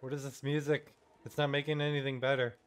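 A man's voice: mid-range voice, little pitch movement, fast, clean tone. A man giving let's-play commentary, reacting nervously to a game and swearing when things go wrong. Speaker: gaming YouTuber. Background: faint game music.

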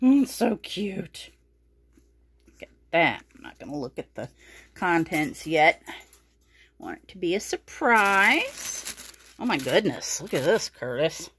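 A woman's voice: mid-range voice, sing-song, measured pace, fairly bright tone, slight background noise. A woman hosting a casual pet unboxing vlog, talking fondly to her rabbits and a little out of breath. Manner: cooing baby talk to her rabbits. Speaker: pet channel host.

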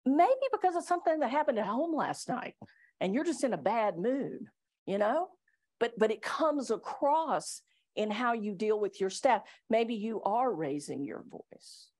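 A woman's voice: fairly high pitch, expressive, unhurried, darkish tone. A middle-aged woman attorney giving a live workplace training talk to staff, chatty and self-deprecating, often laughing between points. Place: meeting room with live audience.

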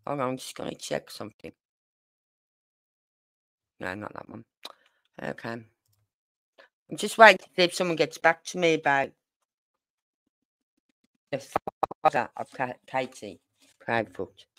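Rumbling low yet fairly bright, her voice is animated and unhurried, with long pauses, recorded dry with clean studio sound. She's an older Brummie woman from Birmingham, England, hosting a true crime livestream and chatting ramblingly with exasperated asides.

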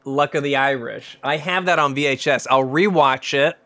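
A man's voice: medium pitch, normal speed, bright, forceful tone, soft background music. A young man from Scotland, streaming a casino game and bantering jokily with his chat. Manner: joking banter with chat, reacting to wins and losses. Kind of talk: casual live-stream gaming chat.

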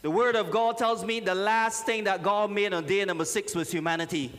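Man, pastor, lively joking sermon, echoing church. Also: high-pitched, brisk. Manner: lively, joking, calls out to the congregation. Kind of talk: preaching a sermon. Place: church sanctuary. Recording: reverberant church hall.

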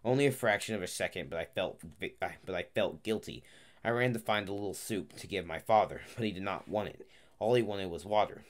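A man reading an audiobook aloud, halting at times and correcting himself mid-phrase. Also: low-pitched. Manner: halting, frequent restarts and self-corrections. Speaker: audiobook reader. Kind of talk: audiobook narration.

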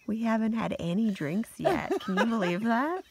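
A woman's voice: fairly high pitch, lively intonation, moderate pace, darkish tone, breathy edge. A woman camping vlogger chatting in a casual, upbeat way and laughing often at an outdoor lakeside campsite.

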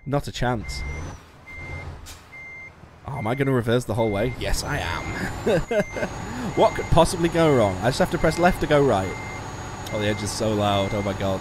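A man's voice: mid-range voice, sing-song, moderate pace, pauses often, noisy background. Sweary man streaming a game. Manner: sweary, self-mocking, laughs a lot. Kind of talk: casual game livestream chat. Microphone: studio musician mic.

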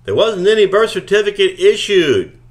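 A man voicing a stern middle-aged woman clerk who shouts her objections in an audiobook reading. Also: sits high, big pitch swings, normal speed, pitched above the performer's own voice. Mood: indignant. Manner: shouting, indignant.

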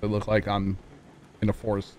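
A man's voice: lowish voice, completely flat delivery, normal speed, a little mellow, a little hiss or hum. A man streaming a game live, chatting casually and thanking viewers, easygoing and reflective. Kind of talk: casual livestream chat.

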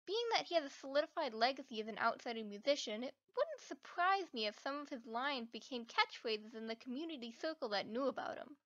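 A woman's voice: high-pitched, lively intonation, brisk, few pauses, a bit bright, dull audio. A woman narrating a documentary video in an earnest, enthusiastic scripted voice-over.

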